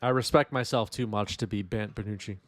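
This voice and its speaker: A man's voice: fairly low pitch, a little fast, a crowd in the background. A man with a New York accent commentating a live card game stream, wry and reading chat aloud.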